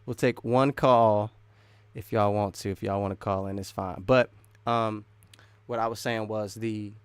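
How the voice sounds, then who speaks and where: A man with a lowish, resonant voice hosts a casual live stream, chatting with viewers at an unhurried, steady pace. He rambles, restarts his sentences often and laughs between thoughts, and his clear audio carries no room sound.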